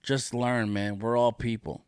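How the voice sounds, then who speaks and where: A man's voice: mid-range voice, little pitch movement, unhurried, clear, resonant tone, no echo, clean studio sound. A man hosting a solo podcast, ranting in a profane, indignant way and repeating his points for emphasis. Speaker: podcast host.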